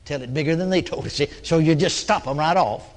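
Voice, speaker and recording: A man preaches a folksy storytelling sermon, acting out his talks with people who came for prayer and chuckling between points. His voice is a little high and his pace quick.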